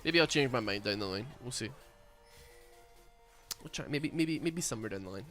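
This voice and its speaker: Casting: young Scottish streamer with a light accent and a bright, lively voice, rambling chat, faint game music underneath. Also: male voice, mid-range voice, normal speed. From Scotland. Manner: chatty, rambling, bursts into excited yells. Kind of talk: casual gaming stream chat.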